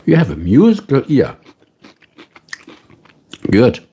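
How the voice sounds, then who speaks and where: Slow-talking German-accented man, husky and mellow. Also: medium pitch, wildly swooping pitch. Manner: slow, musing, greets viewers by name. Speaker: livestream host. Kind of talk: casual live-stream chat.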